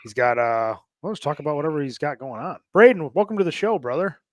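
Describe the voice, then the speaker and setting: A man hosting a podcast in casual chat, talking in a fast, loose and profane way. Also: a little high, animated, no room sound. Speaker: podcast host.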